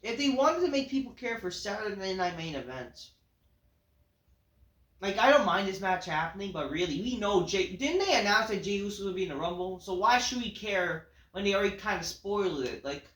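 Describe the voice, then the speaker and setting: Man, high voice, casual profane rant, dismissive, lots of filler, echoey room. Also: expressive, moderate pace, a bit bright. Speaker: wrestling show reviewer. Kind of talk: casual ranting review.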